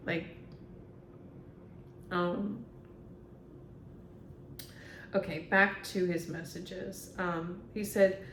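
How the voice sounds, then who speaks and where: Woman medium, casual vlog monologue, filler-heavy, unhurried, faint rumble behind. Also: fairly even intonation, reverberant. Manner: rambling, filler-heavy, laughs often. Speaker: spiritual medium.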